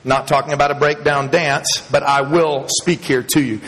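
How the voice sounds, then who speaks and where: A man preaching a sermon to a congregation in church, speaking emphatically, rising in pitch and loudness as he builds each point and chuckling between them. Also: slow pace. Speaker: pastor. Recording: long hall reverb.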